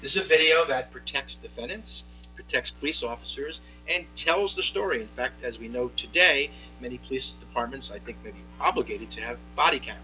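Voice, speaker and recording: A man, a municipal judge, speaking from the bench in a courtroom, giving a measured ruling with frequent pauses, fillers and restarts. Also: mid-range voice, sharp tone, muffled recording, faint music behind.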